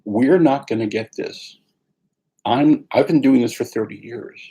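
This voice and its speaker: A man teaching mindfulness meditation in a calm, unhurried way, pausing often as he guides the practice. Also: medium pitch, husky, poor audio.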